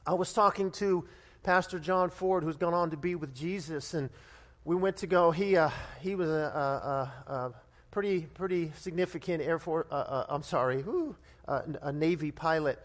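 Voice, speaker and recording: A middle-aged pastor from Nevada delivers a lively sermon in a notably high voice. He restarts his sentences and swings into sudden loud bursts as he tells a story. The sound carries a long reverb, as in a church sanctuary. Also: normal speed. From Nevada, United States.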